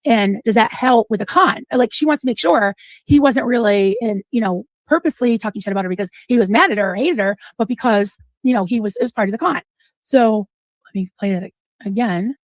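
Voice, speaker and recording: A woman's voice: a little high, brisk, no echo. A woman hosting a commentary show, talking casually about clips she plays and stops. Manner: conversational, with many fillers. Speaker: commentary host.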